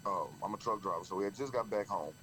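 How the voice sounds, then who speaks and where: A man with a Texan accent, a guest on a talk show, answering quietly and hesitantly with many pauses. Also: fairly low pitch, slight background noise, poor audio. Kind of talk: interview answers.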